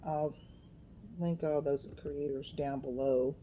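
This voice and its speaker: A woman's voice: deep voice, fairly even intonation, takes it slowly, dark tone, a little hiss or hum. A middle-aged woman chatting casually as she works on a craft project, rambling and poking fun at herself as she goes. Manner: chatty, self-deprecating, talks to herself while working. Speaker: craft vlogger.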